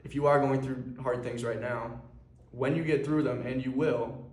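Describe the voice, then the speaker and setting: A man's voice: medium pitch, fairly even intonation, normal speed, darkish tone. A young man talking earnestly to camera in a rambling way, with plenty of fillers. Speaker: clothing brand founder. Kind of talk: personal vlog monologue. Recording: echoey room.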